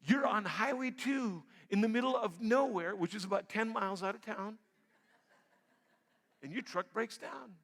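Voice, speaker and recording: A male pastor preaching a sermon in a church sanctuary, emphatic and swinging between loud and quiet. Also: sits high, normal speed. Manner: emphatic preaching, rising loud on key points then dropping quiet. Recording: reverberant church hall.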